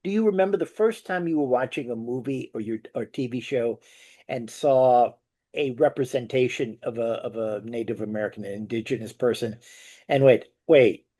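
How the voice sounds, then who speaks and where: A man's voice: mid-range voice, normal speed, mellow. A man interviewing a guest, asking questions in a hesitant, self-interrupting way. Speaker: interviewer, magazine writer.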